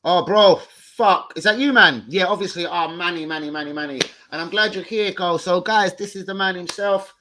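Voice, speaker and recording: A man hosting a football fan livestream, talking in an excitable, sweary, rambling way. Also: high voice, brisk, hardly any pauses. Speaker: host of a football fan show. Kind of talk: casual livestream chat.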